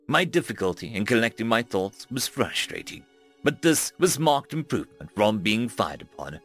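A man narrating a first-person science-fiction story with dramatic, expressive delivery. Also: fairly low pitch, normal speed, faint music behind.

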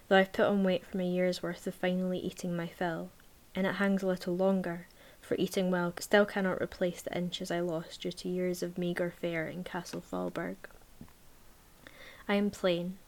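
Woman, book reviewer, measured reading voice, low pitch, little variation. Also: flat delivery, darkish tone. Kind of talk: reading a novel aloud, then casual book chat.

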